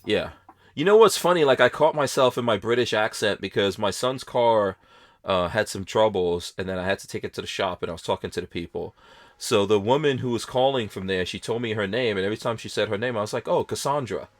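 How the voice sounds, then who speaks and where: A man's voice: fairly low pitch, brisk. A man hosting a podcast, chatting casually and telling rambling stories with frequent laughs. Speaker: podcast host.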